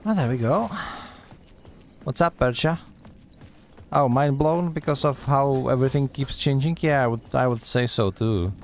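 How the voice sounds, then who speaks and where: A man's voice: medium pitch, normal speed. Man, streamer, gameplay commentary, sarcastic, chatty, faint background noise. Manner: chatty, sarcastic, talks back at the game.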